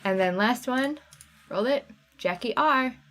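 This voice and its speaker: A woman's voice: a little high, animated, measured pace, a bit bright. Chatty woman hosting a live sale. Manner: chatty, reads out viewer names and chat comments. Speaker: livestream sale host. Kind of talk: casual live sale chat.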